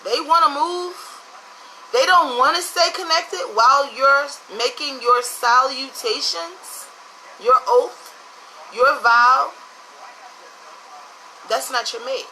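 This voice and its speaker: A woman's voice: high-pitched, slow, pauses often, bright, forceful tone, slight background noise, poor audio. A woman from the United States giving blunt, profane relationship advice in a casual monologue.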